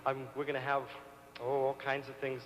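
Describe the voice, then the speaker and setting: A man's voice: medium pitch, monotone, normal speed, a bit bright, slight background noise. A man performing live on stage, coaxing the audience into a sing-along with a childlike manner. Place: large concert hall stage. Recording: live concert hall recording with long reverb.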